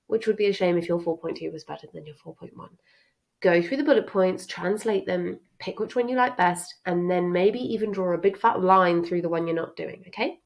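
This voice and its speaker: A woman's voice: lowish voice, a little fast, darkish tone, low-quality recording. A woman French teacher giving a chatty, reassuring exam revision lesson.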